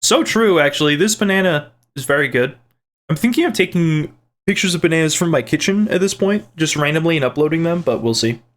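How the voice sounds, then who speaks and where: A man with a fairly high voice chats casually as he reads through comments from his viewers. He rambles, restarts his sentences and tosses in little jokes as he replies, keeping a playful tone throughout. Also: expressive, brisk, a bit bright. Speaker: channel host reading viewer comments. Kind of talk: casual chat.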